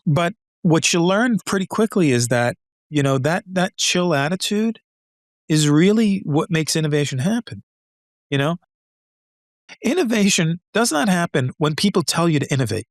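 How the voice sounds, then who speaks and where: A man's voice: fairly high pitch, measured pace, long pauses, no echo, studio quality. An older man, a retired engineer, telling stories as a podcast guest, acting out the voices of others and laughing often. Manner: animated storyteller, acts out dialogue, laughs often. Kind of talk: conversational storytelling.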